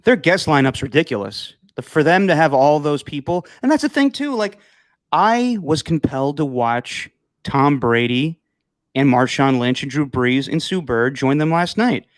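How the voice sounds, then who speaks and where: A male co-host in casual sports banter, animated and quick to imitate commentators. He speaks from home over a video call, and the sound is dry and close. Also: a little high, no room sound. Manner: animated, acts out announcers in mocking voices. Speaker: podcast co-host.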